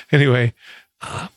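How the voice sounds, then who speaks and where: A man giving a casual personal update, chatty and wry, laughing now and then. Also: no echo. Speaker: vlogger.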